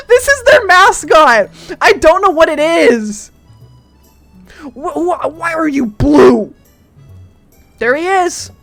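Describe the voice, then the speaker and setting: Young woman streamer, high voice, giggly and excitable, casual chat, soft music playing underneath.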